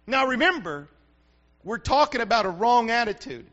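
Male pastor, very high-pitched, sharp edge, dull lo-fi recording, emphatic sermon. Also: very animated, moderate pace. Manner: emphatic, repetitive preaching with rhetorical questions.

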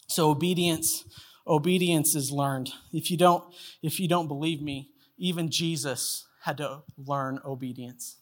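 A man's voice: a little high, fairly even intonation, unhurried. A man in his thirties preaching a sermon as pastor, telling a family story and acting out its voices. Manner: storytelling, acts out voices in anecdotes.

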